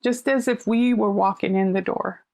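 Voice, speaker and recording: A middle-aged woman, a counselor, telling stories in casual conversation and acting out quoted voices with lively animation. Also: mid-range voice, normal speed, creaky, no echo. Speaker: counselor sharing her story. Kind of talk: conversational storytelling.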